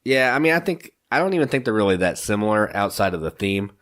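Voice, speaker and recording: Low-voiced upbeat man co-hosting a podcast. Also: sing-song, fast talker, a bit bright. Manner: upbeat, laughs often, enthusiastic. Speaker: podcast co-host. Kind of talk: casual chat.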